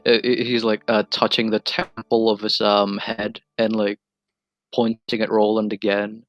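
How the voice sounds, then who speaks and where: A man's voice: on the low side, completely flat delivery, measured pace, no echo. A man talking hesitantly with many fillers as a player in a casual tabletop game.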